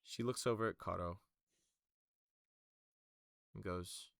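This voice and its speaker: Deep, gravelly game master. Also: male voice, steady tone, unhurried, a bit bright, no echo. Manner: loose narration with many fillers. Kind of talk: narrating a tabletop game.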